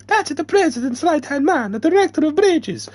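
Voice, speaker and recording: A man voicing a fussy male doctor in a put-on Italian accent, high and theatrical, as he reads a novel aloud. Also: very animated, normal speed, a little mellow. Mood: hushed. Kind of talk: character voice in a book reading.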